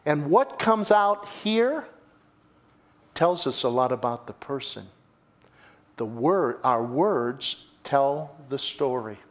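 Male pastor, sermon delivery, slow, animated pitch, emphatic repetition. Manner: dramatic storytelling with emphatic repetition; addresses listeners as folks.

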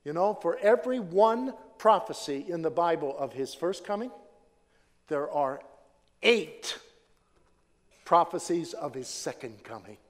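A man preaching a sermon as pastor, swinging from loud emphatic declarations to hushed low phrases, with repeated phrases and a measured delivery. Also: lively intonation. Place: church sanctuary. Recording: long hall reverb.

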